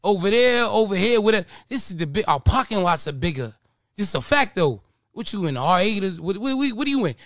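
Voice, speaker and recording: Brash male host, high-pitched, rapid and bright, ribbing his guest nonstop. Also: sing-song, no echo, clean studio sound. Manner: brash, teasing, swearing freely. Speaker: show host. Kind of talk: boisterous podcast banter.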